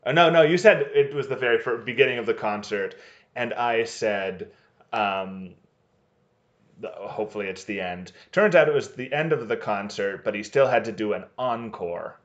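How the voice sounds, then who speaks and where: A man's voice: on the low side, expressive, highs cut off. A man co-hosting a podcast, joking and punning as he casually recaps a TV episode. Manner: jokey, punning, quick to agree. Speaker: podcast co-host.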